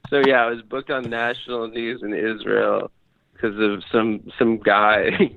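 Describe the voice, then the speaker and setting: A man appearing as a podcast guest, laughing often and speaking haltingly in a self-deprecating way. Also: on the low side, flat delivery, gravelly, phone-quality sound. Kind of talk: casual chat.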